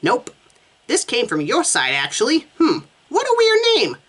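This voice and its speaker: A woman's voice: fairly high pitch, huge pitch swings, normal speed, fairly bright tone, pitched above the performer's own voice, heavily acted. A woman voicing Meg, a wry American woman in a put-on Boston accent, talking in a dry, teasing way. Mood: casual.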